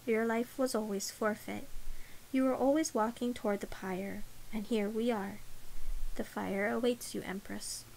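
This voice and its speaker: A woman voicing a calm, pitiless male priest who speaks gravely and evenly, in a storybook reading. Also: fairly high pitch, a little hiss or hum, rough recording. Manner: grave, measured.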